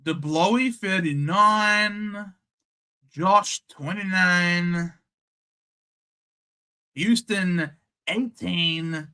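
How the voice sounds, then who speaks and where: A man's voice: high-pitched, unhurried, bright, forceful tone. A young Australian man hosting a casual live sports watchalong, bantering cheekily with chat and reading out scores. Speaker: livestream host.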